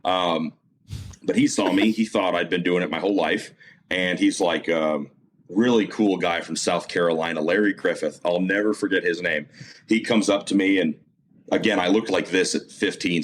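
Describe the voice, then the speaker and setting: A motorsport announcer appears as a guest in a casual interview, telling a story in a low voice at normal speed, with a little hiss or hum in the audio. He's an animated storyteller, full of fillers, restarts and self-repeats.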